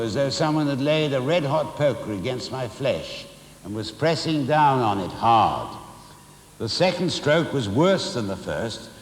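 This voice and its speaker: A man reading a memoir aloud with expressive, dramatic storytelling and occasional asides. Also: mid-range voice. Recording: roomy hall reverb.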